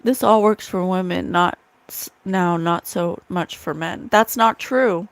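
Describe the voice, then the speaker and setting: A woman's voice: fairly low pitch, a little slow, no echo. A woman hosting a spiritual livestream, talking earnestly to her chat and repeating key phrases for emphasis. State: tearful at times. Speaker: psychic livestream host.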